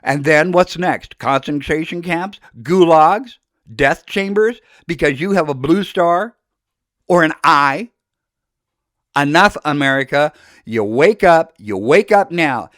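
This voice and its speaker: A man's voice: on the high side, takes it slowly, no echo, clean studio sound. An older man delivering an impassioned, accusatory political monologue as a podcast host, with fiery outbursts. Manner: fiery, accusatory, shouting into speeches.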